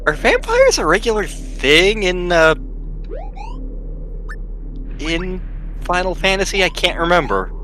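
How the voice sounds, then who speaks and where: A man from Virginia co-hosting a game stream, chatting and rambling with quick jokes. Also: high-pitched, huge pitch swings, sharp tone, slight background noise. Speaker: co-host. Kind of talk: casual chat while streaming a game.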